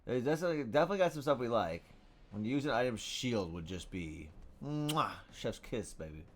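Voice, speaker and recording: A young man commenting on his own card game in a loose, casual way. His voice bounces around a lot, sliding from low muttering to sudden loud outbursts. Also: fast talker, slight background noise. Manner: excitable, swings from mumbling to loud shouting. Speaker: game streamer.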